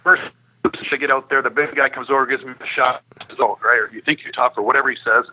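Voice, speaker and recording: A former pro hockey player in his fifties tells stories on a casual podcast, animatedly acting out the quoted dialogue. His mid-range voice is quick with a breathy edge, and the sound is phone-quality.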